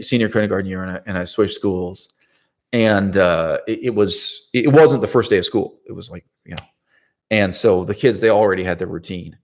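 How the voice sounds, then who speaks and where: Brief: man, low gravelly voice, rambling self-correcting monologue. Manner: digressive, self-correcting, laughs at his own story. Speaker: channel host.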